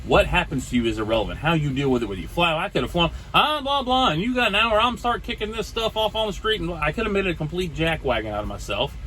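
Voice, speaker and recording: A man in his forties tells a casual story from inside his truck, doing the voices of the people he dealt with. His voice sits a bit high and moves a lot. A faint hum of the road runs underneath. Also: quick pace, hardly any pauses, poor audio. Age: 40s. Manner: animated storyteller acting out dialogue. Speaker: trucker vlogger.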